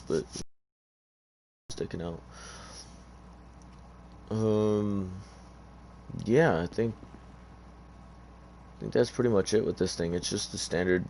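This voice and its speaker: A man's voice: low-pitched, creaky, darkish tone, a little hiss or hum. A tired man giving casual, rambling gameplay commentary in an offhand, hesitant way. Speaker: gamer.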